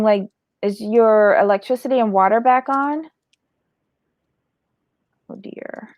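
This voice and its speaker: A woman's voice: high voice, no echo, highs cut off. A woman hosting a casual commentary chat about a reality show, reading the live chat aloud. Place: in Florida.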